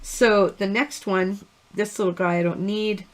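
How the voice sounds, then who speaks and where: A woman's voice: medium pitch, steady tone, a little slow. A middle-aged woman hosting a live card-making tutorial, chatty and rambling, laughing at her own stories as she works. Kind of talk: live-stream crafting tutorial.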